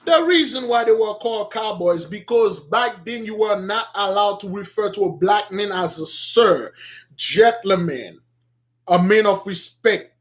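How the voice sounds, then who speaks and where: A man preaching to his followers in an emphatic, repetitive way, swinging between shouts and quiet asides. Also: sits high, animated, a little slow. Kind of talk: street-style sermon.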